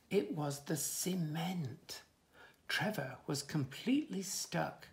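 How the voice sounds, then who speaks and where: Gravelly, lively man reading to kids. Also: a little high, slow pace. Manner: animated, playful asides to young listeners. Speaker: children's storyteller. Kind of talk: reading a picture book aloud to children.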